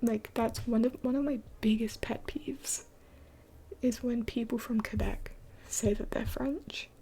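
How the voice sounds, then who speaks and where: A woman's voice: a little high, fairly even intonation, measured pace, dark tone, slightly rough. A young adult woman streaming live late at night, mostly whispering as she answers chat in a blunt, swearing way.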